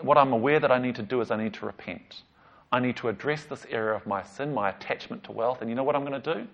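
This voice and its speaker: A man's voice: medium pitch, gravelly. A man voicing a contrite, wealthy tax collector who confesses and promises to repay people, in a plain, lightly acted voice. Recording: slightly dull lo-fi recording.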